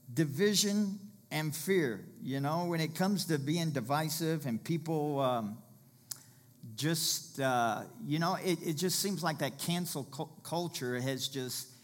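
A man preaching a sermon in a conversational way, telling stories and rising to loud calls. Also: a little high. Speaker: pastor.

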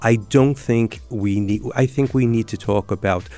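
A man giving calm advice as an education expert guest in a radio studio interview. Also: mid-range voice, normal speed, faint music behind. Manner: calm, advisory, affirming.

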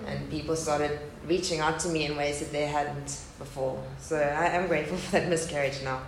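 Woman, 30s, low creaky voice, earnest testimony speaker, echoey hall with faint hum. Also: fairly even intonation, normal speed. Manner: candid and earnest, speaking of loss. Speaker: speaker at a faith gathering. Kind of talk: personal testimony talk. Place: hall with a live audience.

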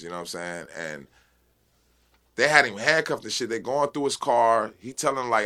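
Forceful-voiced man venting in an interview. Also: mid-range voice, fairly quick, smooth. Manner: impassioned, streetwise, often says "you know what I'm saying". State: high. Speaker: interview guest, rapper. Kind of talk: casual unfiltered interview talk.

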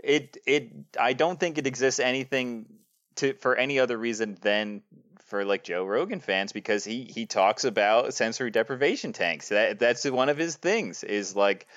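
A man's voice: medium pitch, fairly bright tone, no echo, highs cut off. A man co-hosting a casual movie chat, often laughing and chiming in. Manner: laughing, quick to chime in. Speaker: podcast co-host.

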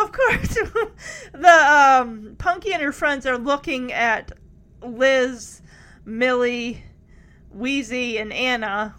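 A chatty woman walks through an episode scene by scene, slipping into the characters' lines as she goes. Her voice sits high, and her delivery stays lively and informal. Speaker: show recap vlogger. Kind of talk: casual episode recap.

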